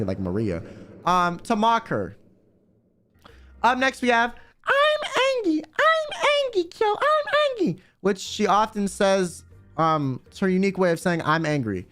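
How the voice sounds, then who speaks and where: Young man, high voice, very animated pitch, swearing, joking streamer commentary, faint music behind. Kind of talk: casual comedic commentary.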